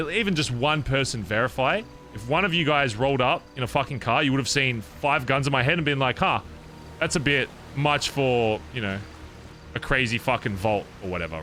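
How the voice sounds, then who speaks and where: A young man telling an animated, profane story in character to other roleplay players. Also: mid-range voice, slight background noise. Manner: animated, profane, rambling recounting. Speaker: roleplay streamer.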